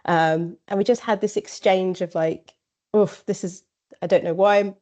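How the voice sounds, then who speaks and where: In a casual interview chat, a female podcast guest speaks at a measured pace with a mid-range, slightly mellow voice and fairly even intonation. She rambles, using plenty of fillers and quoted asides. The lo-fi audio is slightly dull.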